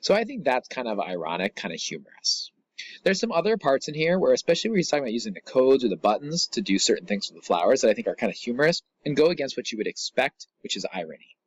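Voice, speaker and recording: A man's voice: medium pitch, sing-song, quick pace, slightly rough, lo-fi sound. A middle-aged man teaching a recorded lesson, explaining a poem in a casual, chatty way with asides.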